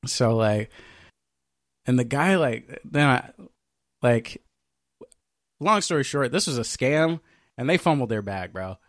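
A man's voice: mid-range voice, takes it slowly, long pauses, dry recording. Profane man telling a story dry. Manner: animated, profane, acts out quoted voices. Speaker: podcast co-host. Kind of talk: casual storytelling chat.

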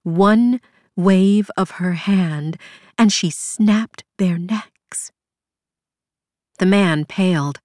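A woman reads fantasy fiction aloud in a slow, measured, somber voice. Her voice sits on the lower side, and the recording is dry and close with no room sound. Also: darkish tone, no room sound. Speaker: audiobook narrator. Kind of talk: scripted narration.

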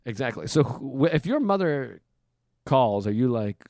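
A male podcast host talking casually from a hotel room. He slips into other people's voices with sudden leaps upward. The sound is close and dry, with no room echo. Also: normal speed. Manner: animated, acts out quoted people with big jumps in pitch. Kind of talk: casual chat.

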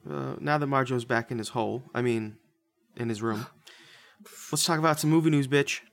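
Guy hosting a movie podcast, joking around and swearing, mid-pitched, casual banter. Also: moderate pace, vocal fry. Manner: crude, joking, offhand. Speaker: podcast host.

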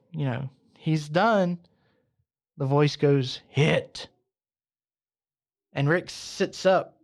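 Podcast guy spinning a slow drawn out joke, kinda high voice, playful and theatrical. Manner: affectionate, theatrical farewell to listeners. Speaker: podcast host. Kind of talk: casual storytelling and sign-off.

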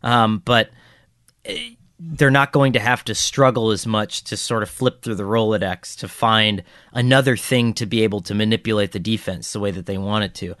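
A man's voice: lowish voice, fairly even intonation, normal speed, a bit bright, dry recording, clean studio sound. Joking male football podcast co-host. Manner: joking, rambling, lots of fillers. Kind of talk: casual sports podcast chat.

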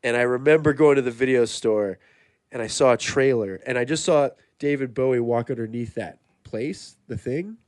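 A man's voice: medium pitch, normal speed, darkish tone, no room sound. A man riffing in improvised comedic banter, rambling and getting himself worked up.

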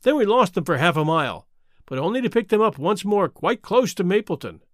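Male storybook narrator, high lively voice, very dry close sound. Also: a little fast, dry recording. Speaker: audiobook reader.

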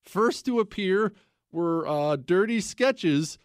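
A man's voice: high-pitched, animated, takes it slowly, clean tone, no room sound, clean studio sound. A man hosting a talk show, rambling in a casual, sarcastic way and breaking into laughter. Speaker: radio talk show host. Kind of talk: casual talk radio monologue.

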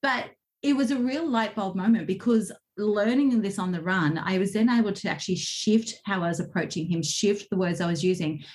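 Animated woman coach, lively storytelling. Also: mid-range voice, normal speed, hardly any pauses. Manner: animated storytelling with laughs and acted quotes. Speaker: guest, communication coach. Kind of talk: casual interview talk.

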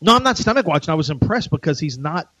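A man's voice: on the high side, big pitch swings, fast, sharp tone, no room sound, rough recording. A middle-aged man hosting sports talk radio, rambling and joking in casual chat. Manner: rambling, chatty, jokey.

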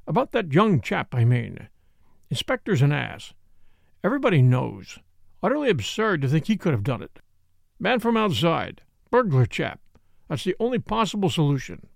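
A man's voice: a little high, very animated, normal speed, vocal fry, darkish tone, dry recording, studio quality. A man playing a terse, plain-spoken middle-aged hunter who talks in clipped, curt phrases. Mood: blunt. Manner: clipped, curt, drops words.

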